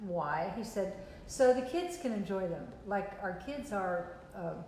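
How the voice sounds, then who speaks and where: A woman's voice: mid-range voice, animated, measured pace, darkish tone, very echoey, in a large hall, slight background noise, poor audio. An older woman hosting a sales show, chatting in a playful, teasing way and telling stories. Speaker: show host. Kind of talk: casual chat on a sales show.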